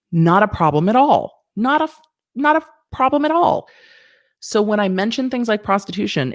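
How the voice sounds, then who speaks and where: A woman's voice: low voice, dry recording. Blunt, laughing woman on a dry mic. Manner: blunt, animated, laughs often, swears casually. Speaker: legal commentator hosting a livestream; former district attorney. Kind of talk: casual livestream chat answering viewer questions.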